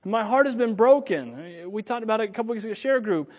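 In a sanctuary full of long reverb, a high-voiced pastor delivers his sermon quickly with lively intonation, alternating emphatic, loud declarations with quiet, joking remarks.

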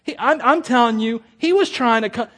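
Pastor, male, high voice, animated humorous sermon delivery with restarts. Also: normal speed. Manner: animated, acts out quotes with humor, stammering restarts.

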